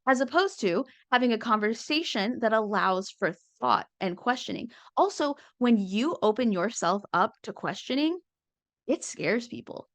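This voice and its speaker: A woman talking casually and wryly about calm conversations, dropping into quick impressions now and then. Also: fairly high pitch, no echo. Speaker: comedian and speaking coach. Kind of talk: casual talk with acted-out quotes.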